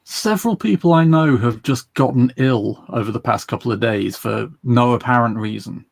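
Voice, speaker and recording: An English man hosts a casual chat over a video call. His voice has a gravelly, rough texture at a middling pitch. He speaks with wry, understated humor. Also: moderate pace, dry recording. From England. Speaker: writing group host.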